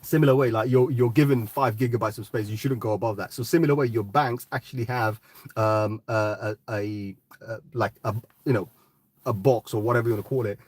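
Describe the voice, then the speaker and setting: A man's voice: medium pitch, fairly even intonation, fairly quick, a little mellow, no room sound. A man hosting a live crypto talk, ranting bluntly and swearing, often tagging "right?". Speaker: crypto podcast host.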